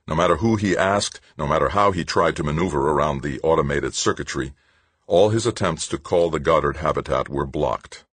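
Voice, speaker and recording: A man narrating an audiobook in a steady, measured reading. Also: rumbling low, breathy edge, no room sound. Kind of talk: scripted narration.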